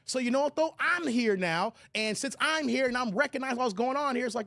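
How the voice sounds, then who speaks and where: Animated male streamer. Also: very high voice, brisk, hardly any pauses, dry recording. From United States. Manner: animated, laughing, addresses chat by name. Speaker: live stream host. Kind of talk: casual live stream commentary.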